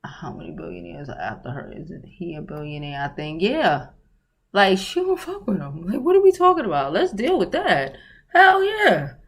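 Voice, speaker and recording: A woman's voice: fairly low pitch, wildly swooping pitch, moderate pace. A woman hosting a casual livestream, talking bluntly and profanely and often laughing as she answers viewer comments. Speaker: livestream host.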